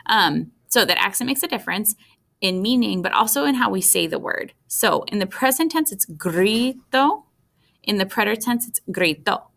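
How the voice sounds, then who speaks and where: A woman's voice: mid-range voice, creaky, sharp tone. A woman teaching a recorded Spanish lesson, explaining step by step and checking in with her students.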